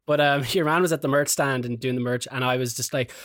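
A young Irish man hosting a podcast, telling animated stories full of fillers and quick laughs. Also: mid-range voice, no echo, clean studio sound. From Ireland. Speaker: podcast host. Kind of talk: casual chat.

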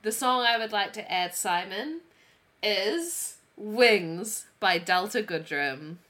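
Bright, chatty woman podcaster. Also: medium pitch, animated, takes it slowly. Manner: chatty, giggly, lots of "like" fillers. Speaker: podcast co-host. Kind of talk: casual chat.

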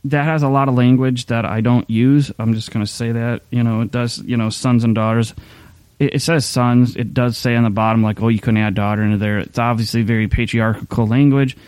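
A middle-aged man pastor talks through a sermon in a loose, candid way, circling back with fillers and restarts. His voice is mellow and smooth, and it sits close and dry on the mic. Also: mid-range voice, steady tone, normal speed, no echo. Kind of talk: casual sermon talk.

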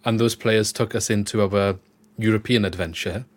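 A man's voice: lowish voice, fairly even intonation, moderate pace. A man interviewing a guest in a casual, supportive, chatty way.

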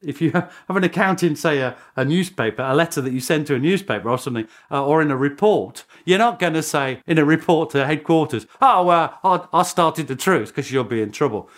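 Lively chuckling male historian. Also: fairly high pitch, quick pace, few pauses. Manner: animated, chuckling storyteller with frequent restarts. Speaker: historian guest. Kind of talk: interview.

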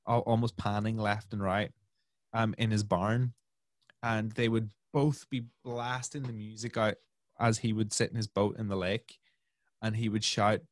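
A man's voice: on the low side, level tone, measured pace, no room sound. Chatty podcast host man, dry close sound. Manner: chatty, laughing, lots of fillers and restarts, storytelling. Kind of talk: casual interview conversation.

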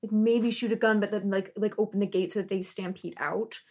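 A woman's voice: medium pitch, fairly even intonation, fairly quick, darkish tone. A woman playing a tabletop game, talking casually and hesitantly as she plans. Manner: hesitant, many "like" fillers. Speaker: player.

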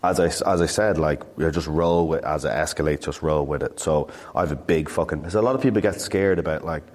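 A man's voice: very deep voice, a little fast, a little mellow, long reverb tail. A man in his thirties, a startup founder telling his story in a casual, rambling interview chat full of swearing.

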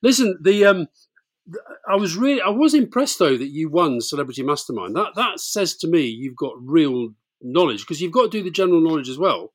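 A man's voice: a little high, expressive, a little fast. A man hosting a casual chat, teasingly quizzing his guest. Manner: teasing, questioning interviewer. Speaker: podcast host. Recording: dry close sound.

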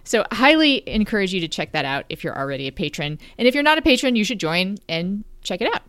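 A middle-aged woman co-hosting a casual podcast, with wry, deadpan humor and playful rhetorical questions. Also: mid-range voice, fast, no echo. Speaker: podcast co-host.

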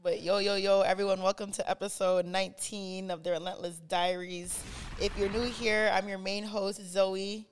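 A young woman hosting a podcast in casual chat, bossy and quick to laugh as she steers the talk. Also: medium pitch, level tone, clean tone. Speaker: podcast host.

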